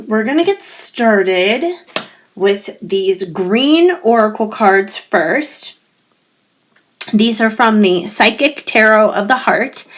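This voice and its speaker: A woman leads a pick-a-card tarot reading at an unhurried pace, musing and reassuring as she speaks to her viewers. Her voice keeps slipping away, and she clears her throat again and again. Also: medium pitch.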